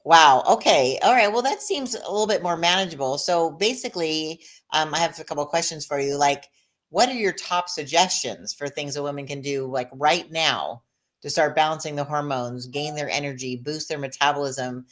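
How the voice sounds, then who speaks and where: Brief: woman host, low voice, animated, enthusiastic reactions. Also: moderate pace. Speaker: podcast host. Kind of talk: interview conversation.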